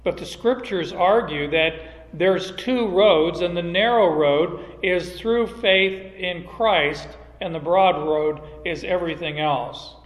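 A man's voice: high voice, slow pace, few pauses. A man preaching a sermon, emphatic and asking rhetorical questions of the congregation. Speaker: pastor. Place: church sanctuary. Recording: echoey hall sound.

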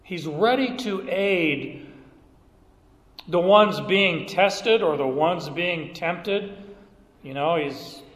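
Middle-aged male pastor, high voice, slow unhurried sermon, emphatic storytelling, echoey church hall. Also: fairly bright tone. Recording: echoey hall, roomy reverb.

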